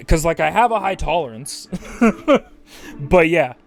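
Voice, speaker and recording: A male streamer chatting casually on a livestream while high, rambling and swearing casually as he reads chat aloud. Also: measured pace, gravelly, soft background music.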